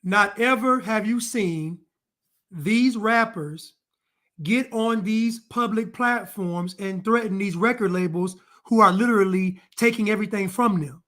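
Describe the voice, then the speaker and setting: A man's voice: high voice, unhurried, fairly bright tone. A man delivering an opinion commentary monologue, emphatic and repetitive as he hammers his points home. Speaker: online commentator.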